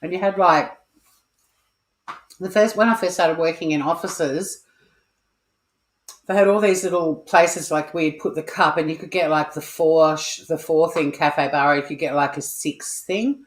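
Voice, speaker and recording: A woman's voice: low voice, fairly even intonation, moderate pace, long pauses, roomy sound. An Australian woman hosting a casual cooking livestream from her kitchen, chatty and playful, swearing freely and making asides to her viewers. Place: home kitchen. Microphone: home mic.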